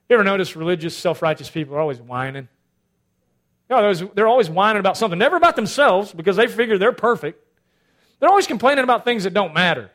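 A male pastor preaching a sermon, swinging between loud emphatic lines and hushed asides. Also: high-pitched, lively intonation, fast talker.

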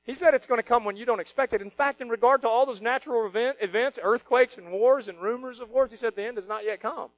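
A male pastor preaching a sermon, switching between quiet earnest stretches and loud mocking outbursts. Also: extremely high pitch, fast talker, hardly any pauses, no room sound, low-quality recording. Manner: animated, mocking voices of worried people, rising to shouts.

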